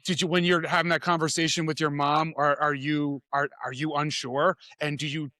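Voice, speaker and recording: Male podcast host, slightly higher bright voice, sympathetic questions. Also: level tone, normal speed, no echo, clean studio sound. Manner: sympathetic, short reactions. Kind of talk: interview reactions and questions.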